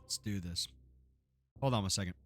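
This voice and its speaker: Streaming live gameplay, a man from Texas keeps it laid-back, cursing freely, laughing often, and dropping jokey asides. He has a low-pitched, slightly bright voice at normal speed, with faint music behind him.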